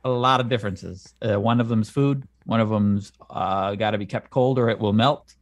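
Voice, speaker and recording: A man co-hosting a comedy podcast, answering his partner with dry, deadpan objections. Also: lowish voice, no echo. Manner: deadpan, wry, quick to object. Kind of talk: casual comedic banter.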